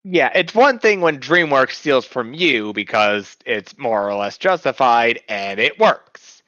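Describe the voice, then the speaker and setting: A man co-hosts a podcast with wry, quick remarks. His voice is bright and swings lively in pitch, picked up dry and dull on a lo-fi remote mic. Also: no room sound. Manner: wry short commentary. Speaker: podcast co-host. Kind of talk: podcast discussion.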